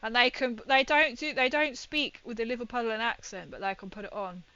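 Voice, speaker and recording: A woman's voice: a little high, a little fast, pushed and bright, clean tone, dry recording, highs cut off. A woman painting miniatures and chatting with viewers in a rambling, giggly way. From Britain. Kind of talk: casual chat while painting.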